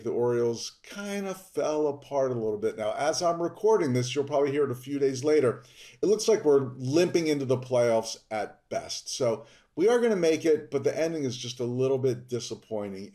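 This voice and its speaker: A man from Baltimore hosting a podcast, delivering an upbeat scripted monologue that stresses key words with sudden rises in pitch. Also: a little mellow. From Baltimore, Maryland. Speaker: podcast host, dentist.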